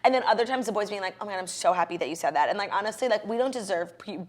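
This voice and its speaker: Quick chatty lady cohost, animated storytelling, laughs a lot. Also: mid-range voice. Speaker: podcast co-host. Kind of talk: casual chat.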